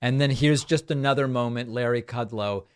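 A male podcast host talks through the news with dry, cutting sarcasm. His pitch sits in the middle range, and he speaks in a steady commentary style. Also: normal speed, clean tone. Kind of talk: political commentary.

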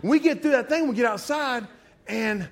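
Man, preacher, high voice, animated storytelling, chuckles between lines. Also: moderate pace. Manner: animated storyteller, laughs often, folksy asides. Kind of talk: sermon with humorous personal stories.

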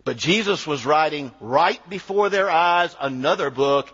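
A husky-voiced man preaching a sermon with a high, lively voice that swings widely as he stresses his points. It is a dull, lo-fi recording with long reverb from a large church hall. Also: a little slow, few pauses. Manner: animated, emphatic preaching with sudden drops to low, quiet lines. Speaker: pastor.

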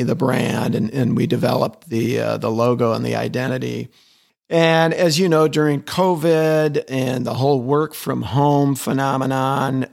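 A middle-aged man with a mid-range, gravelly voice tells stories as an interview guest. He talks with eager energy, often repeating words as he restarts his sentences. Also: medium pitch. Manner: enthusiastic storyteller, repeats words as he restarts, chuckles. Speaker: interview guest, advertising executive. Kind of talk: conversational interview.

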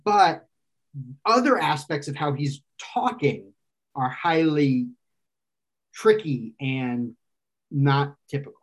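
A man's voice: a little high, animated, slow, long pauses. A man explaining an idea in casual conversation, thinking aloud and often restarting and correcting himself. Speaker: guest expert explaining philosophy.

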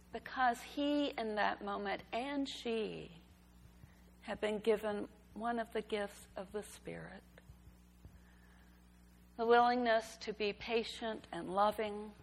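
A woman giving a sermon, telling a story in a gentle, unhurried way. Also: mid-range voice, creaky. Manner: slow, gentle storytelling delivery. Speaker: preacher. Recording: reverberant hall.

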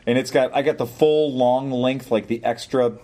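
An older man chatting on a podcast, his voice pitched in an ordinary middle range. He tells a long story in a loose, rambling way and chuckles often. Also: steady tone, moderate pace, dark tone. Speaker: podcast co-host. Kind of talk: casual chat.

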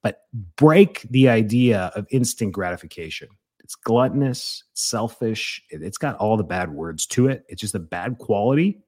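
Blunt, animated man giving health advice. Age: middle-aged. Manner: blunt and animated, mimics excuses, jumps in pitch when scolding. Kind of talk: casual advice talk.

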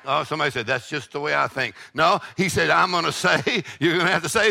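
Older pastor, gravelly bright voice, fiery call-and-response preaching. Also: male voice, on the high side, fast, hardly any pauses. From Texas. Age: 60s. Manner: preachy call-and-response with shouted peaks and laughing asides. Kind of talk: sermon.

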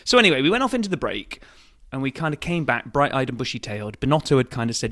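A man co-hosting a casual sports podcast, talking in an animated, excitable, emphatic way. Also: medium pitch, quick pace. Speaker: podcast co-host.

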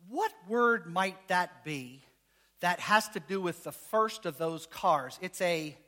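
Pastor, male, high and bright, bouncy delivery, jokes with the congregation mid-sermon. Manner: animated, joking, asks the congregation questions. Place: church.

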